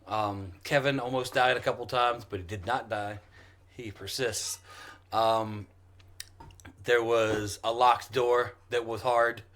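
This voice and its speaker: Acting as game master, a man opens a casual tabletop session with jokes and loose, rambling talk full of fillers. His voice is medium-pitched and fairly bright.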